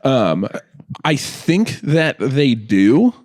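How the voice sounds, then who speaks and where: Animated man with a lively voice. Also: mid-range voice, drawn-out words. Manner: animated storyteller, acts out quoted people in raised voices. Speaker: podcast co-host. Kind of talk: casual chat.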